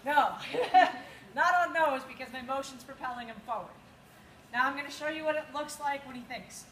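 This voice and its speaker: A woman's voice: sits high, moderate pace. A woman teaching a dog agility class, coaching the students and calling cues to her dog. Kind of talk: outdoor training class instruction. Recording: echoey with loud background noise.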